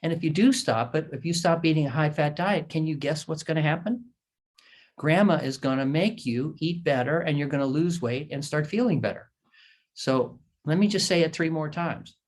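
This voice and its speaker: A man's voice: fairly high pitch, normal speed. A man who is a surgeon, explaining diet to patients in an educational talk over a shared screen, repeating his points emphatically and telling folksy stories.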